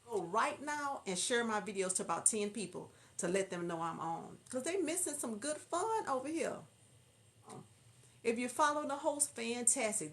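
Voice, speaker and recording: A woman's voice: fairly high pitch, a bit bright. Chatty woman with a Southern drawl. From Houston, Texas. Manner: chatty, laughing, reads viewer comments aloud. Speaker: livestream host. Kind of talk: casual livestream chat.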